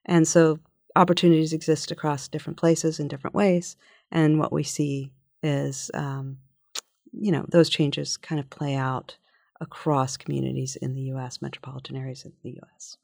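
A woman as a policy researcher guest in a podcast interview, answering in a measured, thoughtful way with frequent fillers and restarts. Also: low-pitched, flat delivery, vocal fry, a little mellow, dry recording, studio quality.

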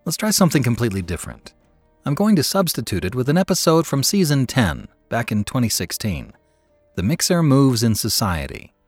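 A man's voice: fairly low pitch, dry recording. A man introducing a story on his audiobook show, speaking earnestly. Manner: earnest, apologetic. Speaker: audiobook host. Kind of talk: podcast introduction.

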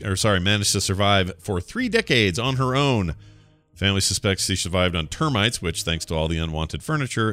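A man co-hosting a podcast, chatting casually and reading out odd news stories with joking asides and quick self-corrections. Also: sits low, a bit bright, no room sound. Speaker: podcast co-host.

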